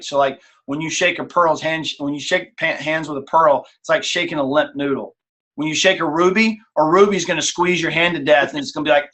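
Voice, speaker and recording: A man's voice: on the high side, fairly bright tone. A man leading a casual team coaching call, who talks animatedly and acts out examples in different tones of voice.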